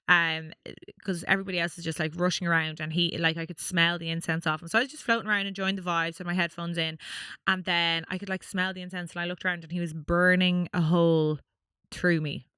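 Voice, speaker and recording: An Irish woman co-hosting a podcast, telling a story in lively, casual chat, swearing and using lots of fillers. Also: lowish voice, fairly quick, clean tone, dry recording, studio quality. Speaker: podcast co-host.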